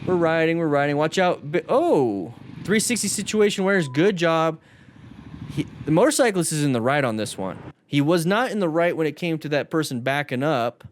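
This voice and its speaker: A man's voice: a little high, animated, normal speed, a little hiss or hum. A man giving casual commentary over motorcycle clips, coaching viewers and talking to them directly. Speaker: motorcycle safety instructor. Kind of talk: video commentary on crash clips.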